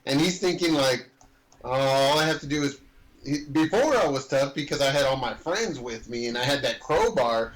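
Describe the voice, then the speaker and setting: A man's voice: mid-range voice, expressive, normal speed, low-quality recording. An easygoing man co-hosting a casual movie podcast, with a mid-range, ordinary voice. He recaps scenes agreeably and acts out bits of the characters' dialogue. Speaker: podcast co-host. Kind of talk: casual chat.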